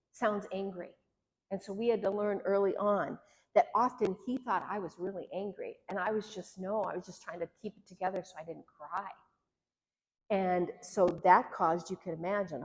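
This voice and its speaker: A woman's voice: medium pitch, a little mellow. Earnest woman teaching in a reverberant hall. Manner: earnest, conversational, acts out quoted lines. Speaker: marriage therapist. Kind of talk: workshop teaching.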